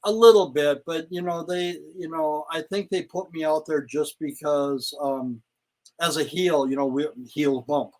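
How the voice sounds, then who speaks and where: An older man with a slightly raised pitch spins road stories in a loose, chatty way. He jumps into the voices of the people he quotes as he tells them. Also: unhurried, rough recording. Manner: animated storyteller, acts out quotes. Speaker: guest, retired pro wrestler. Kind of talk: casual interview storytelling.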